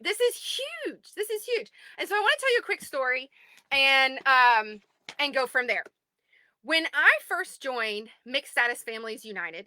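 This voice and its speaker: Woman, 30s, group owner, chatty and excitable livestream host, dry close sound. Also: on the high side, no echo. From United States. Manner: excitable, chatty, greets viewers by name. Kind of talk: casual livestream chat. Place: home.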